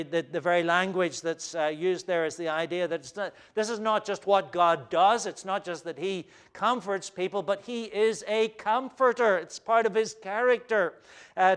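Pastor, male, sermon delivery, slightly high and smooth voice, measured with frequent fillers. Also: steady tone, fairly bright tone.

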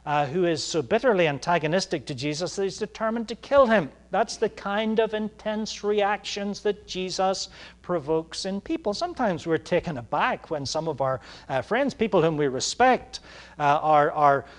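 A man preaching a sermon, halting often on fillers, then pressing points with rising emphasis. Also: high-pitched, animated.

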